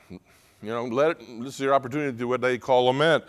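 A man's voice: mid-range voice, fairly even intonation, quick pace. Earnest male pastor preaching. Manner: earnest, swings from quiet confiding to loud emotional pleading. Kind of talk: sermon.

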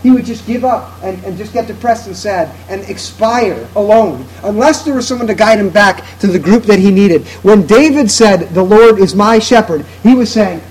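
A man's voice: sits high, a little mellow, low-quality recording. A man preaching a sermon to his congregation in an earnest, emphatic way, driving his points home through repetition. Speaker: pastor.

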